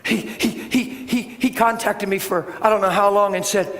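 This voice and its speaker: A man preaching a sermon as a story, animated, acting out voices and building up to shouts. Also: sits high, normal speed. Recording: hall reverb with faint noise.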